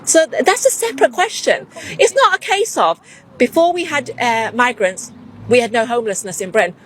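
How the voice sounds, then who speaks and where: A woman's voice: on the high side, animated, fairly quick, slight background noise, poor audio. A woman arguing firmly and emphatically, rebutting points in a street debate. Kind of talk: argumentative debate.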